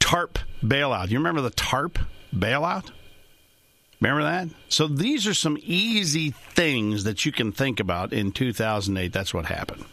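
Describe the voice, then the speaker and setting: A man's voice: mid-range voice, big pitch swings, moderate pace, bright, forceful tone, no echo. A man in the financial services trade hosting a talk show, rambling in a folksy way with chuckling asides. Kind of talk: casual monologue.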